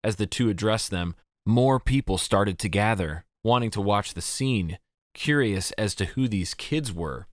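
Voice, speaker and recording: A man narrating a fantasy audiobook in a measured, even storytelling manner on a close studio mic. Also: fairly low pitch, no room sound. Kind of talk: scripted narration.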